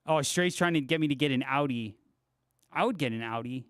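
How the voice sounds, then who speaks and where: A man's voice: mid-range voice, brisk, fairly bright tone, dry recording, studio quality. A young man hosting a guitar livestream, chatting casually with viewers, laid-back and swearing freely. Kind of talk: casual chat reading viewer comments.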